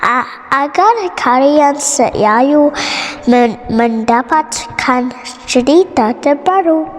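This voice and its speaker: A woman with an Indonesian accent reading a bedtime story aloud in a soft, often whispery voice. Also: high-pitched, expressive, takes it slowly. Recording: reverberant room, faint noise.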